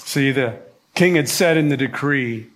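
A man preaching a first-person dramatic monologue as a resentful, self-pitying male biblical prophet, dramatic, swinging from hushed pleading to shouting. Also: mid-range voice, measured pace, natural voice.

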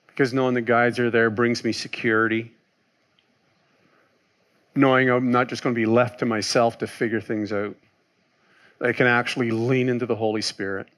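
Delivering a sermon, this mid-range-voiced male pastor is animated, asking his own questions and then answering them, alternating between loud exclaiming and soft reflection.

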